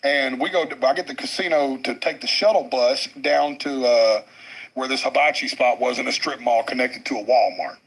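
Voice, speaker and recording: A man telling a story on a podcast, excitable and crude, laughing often. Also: medium pitch, normal speed, husky, poor audio. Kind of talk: animated storytelling.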